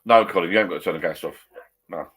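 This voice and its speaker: Bloke, lowish voice, chatty and rambling, casual pub-style banter from a garden shed bar. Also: male voice, very fast, fairly bright tone, slightly rough. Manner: chatty, rambling, self-correcting. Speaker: vlogger chatting with live viewers.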